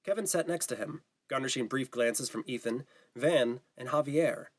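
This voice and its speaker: Male audiobook narrator, mid-pitched, steady, even delivery. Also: moderate pace. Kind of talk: scripted narration.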